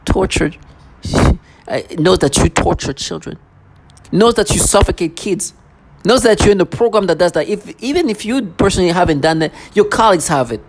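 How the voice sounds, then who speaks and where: A vlogger in an intense, repetitive personal monologue who keeps mimicking other people in a lower voice. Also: animated, normal speed.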